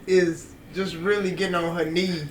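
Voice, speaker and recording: A man's voice: sits high, little pitch movement, moderate pace, distant mic. A man on a podcast panel, stubborn and dismissive, holding firm to his view. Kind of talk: casual group debate. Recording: roomy, off-mic with faint hum.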